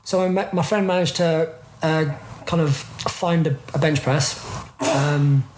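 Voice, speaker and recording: A man, a podcast guest telling his story in a lively, casual way, full of "like" fillers. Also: on the high side, a little slow. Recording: roomy recording with faint noise.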